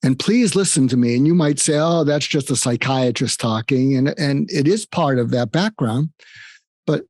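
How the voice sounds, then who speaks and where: With an animated, darkish mid-range voice at normal speed, an older man speaks as a psychiatrist guest in an interview. He offers conversational advice earnestly, through stories and emphatic repetition of phrases. The recording is dry and has clean studio sound.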